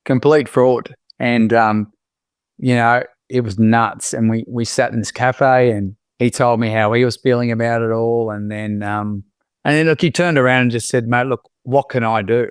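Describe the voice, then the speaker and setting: An Australian man, a podcast guest, telling his personal story in a reflective, halting way with many restarts. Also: mid-range voice, steady tone, smooth, no room sound, studio quality.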